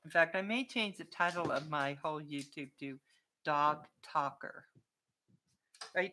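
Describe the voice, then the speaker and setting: A woman's voice: low voice, unhurried, long pauses, sharp tone. A woman vlogger in a casual live-stream chat with viewers, chatty and playful, often laughing and breaking off to talk to her dog.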